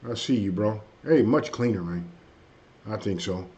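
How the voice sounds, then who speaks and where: A man hosting a casual live stream, chatting loosely with viewers and saying his energy is low tonight. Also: normal speed, a little mellow. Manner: loose and conversational, frequent "hey" and "you know what I mean". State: a bit under the weather, low energy. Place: at home. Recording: dull lo-fi stream audio.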